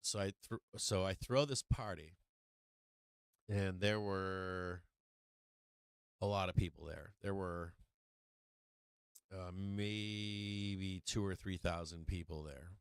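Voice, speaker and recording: A man on a live stream spins a long personal story, full of ums, restarts and casual swearing. His voice sits low and sounds smooth and resonant. The sound is dry, with no room around it. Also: fairly even intonation, takes it slowly, long pauses, no echo. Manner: rambling with many fillers, profanity and laughter. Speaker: host of a stock market live stream.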